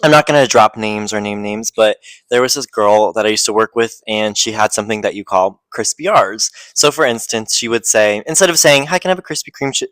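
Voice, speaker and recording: A woman's voice: rumbling low, moderate pace, no echo. A teenage girl co-hosting a podcast with friends. She is sassy and likes to mimic the way other people talk. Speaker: podcast co-host. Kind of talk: casual chat.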